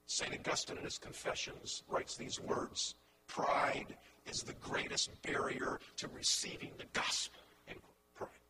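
A man preaching a sermon as pastor, impassioned, swinging from hushed lines to loud ones and repeating words as he builds a point. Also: unhurried, background noise.

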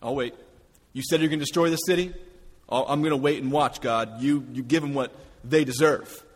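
A man's voice: medium pitch, a little fast, big-room sound, natural voice. A man voicing a sulky, self-pitying prophet within a sermon.

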